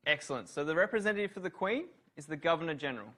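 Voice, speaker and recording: A man's voice: a little high, lively intonation, very fast, a bit bright. A man giving a university revision lecture on law, asking students questions and praising their answers.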